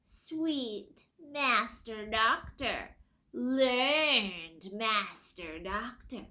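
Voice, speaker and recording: A woman voicing a fawning old hag with a shrill, whining, drawn-out voice. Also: lively intonation, bright, forceful tone, full character voice. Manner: wheedling, drawn-out.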